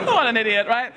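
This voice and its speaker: A woman hosting a live storytelling night, telling self-mocking stand-up jokes with punchy deadpan timing. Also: on the high side, background noise. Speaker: host and stand-up comedian. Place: live stage before an audience.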